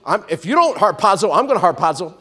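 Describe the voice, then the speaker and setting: A preacher putting on a sly, muttering devil. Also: male voice, high-pitched, very animated, fast talker, pushed and bright, full character voice. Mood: threatening. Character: scheming male devil, sly and watchful.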